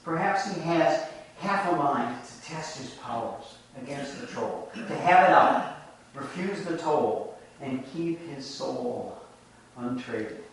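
Slow reflective preacher in an echoey room. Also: male voice, medium pitch, lively intonation, vocal fry, a little hiss or hum. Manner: reflective, measured storytelling. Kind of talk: sermon. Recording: echoey room from a distant mic.

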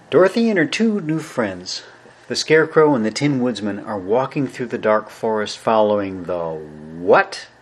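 A man's voice: lowish voice, husky. A man, a pastor, recording his sermon in a studio and reading a children's story aloud to his congregation.

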